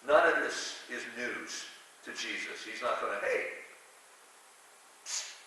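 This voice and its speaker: A man delivers a conversational sermon, full of asides and self-deprecating humor. His voice is very bright and sits at a middle pitch. The recording comes from a distant mic in a very echoey church hall, with a faint hiss underneath. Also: lively intonation, moderate pace. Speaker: preacher. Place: church sanctuary.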